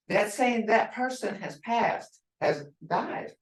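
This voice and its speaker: A woman's voice: medium pitch, expressive, slow pace, hardly any pauses. Patient woman teaching a language lesson. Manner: patient, repeats words to stress tones. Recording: echoey room, voice from far off.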